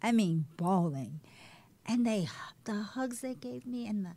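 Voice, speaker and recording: A woman guest telling her personal story in a candid, animated way, dropping to a hush at times. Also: medium pitch, unhurried. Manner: candid, animated, shifts between loud and hushed. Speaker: guest, breast cancer survivor. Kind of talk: emotional personal testimony.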